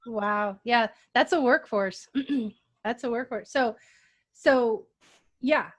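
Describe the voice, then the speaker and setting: A woman hosting an interview, telling stories in an animated way and laughing often. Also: fairly high pitch, slow. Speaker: host. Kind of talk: casual interview chat.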